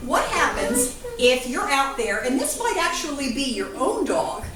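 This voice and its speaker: High woman vet, lively with kids; distant mic, echoey room. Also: a little slow, over music. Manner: animated, playful, asks children questions. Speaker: veterinarian giving a school talk. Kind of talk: lively classroom talk to children. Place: classroom. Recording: echoey room from far off, faint noise.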